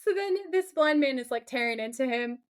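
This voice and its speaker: Brief: lively podcast co-host, woman, highish voice, laughs a lot while recapping. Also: brisk. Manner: animated, laughs often. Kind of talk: casual chat recapping a TV episode.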